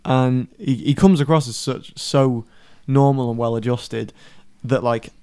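A man's voice: mid-range voice, steady tone, unhurried, warm tone, clear, resonant tone. A man co-hosting a podcast, chatting in a rambling way full of fillers. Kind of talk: casual chat.

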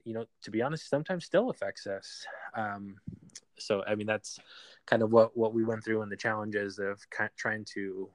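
A man telling a painful personal story in an interview, halting with many fillers and restarts. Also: on the low side, fairly bright tone, no echo. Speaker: guest.

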